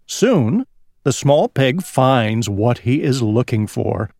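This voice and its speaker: Man reading a picture book aloud; slow, with a rising and falling pitch, dry sound. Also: creaky, no room sound. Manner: slow, expressive storytelling.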